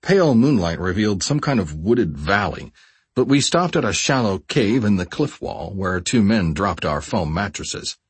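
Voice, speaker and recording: A man reading a first-person memoir audiobook in a measured, expressive storytelling voice. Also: fairly low pitch, husky, dry recording. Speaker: audiobook narrator.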